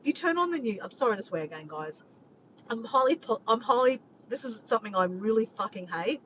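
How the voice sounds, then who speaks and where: A woman rambling to her viewers on a live stream, animated and swearing freely. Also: fairly high pitch, brisk. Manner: animated, swears often, keeps addressing "guys". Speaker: vlogger doing a live stream. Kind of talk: rambling casual chat to viewers. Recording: slightly muffled, faint background noise.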